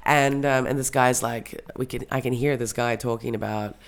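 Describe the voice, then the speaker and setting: A woman's voice: extremely low pitch, fairly even intonation, normal speed. A woman telling a story in casual podcast chat, rambling with lots of fillers and restarts. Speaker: podcast co-host.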